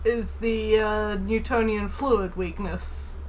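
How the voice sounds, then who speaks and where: A woman chiming in from the side during a game stream with dry, drawn-out asides. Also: medium pitch, steady tone, slight background noise, rough recording.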